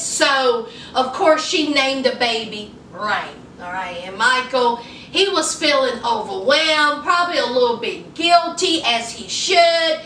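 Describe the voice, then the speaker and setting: A woman recapping a reality show in a sassy, animated way, talking straight to her viewers. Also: sits high, distant mic. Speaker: TV recap vlogger. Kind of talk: sassy casual recap monologue. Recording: echoey room, a bit off-mic, faint room noise.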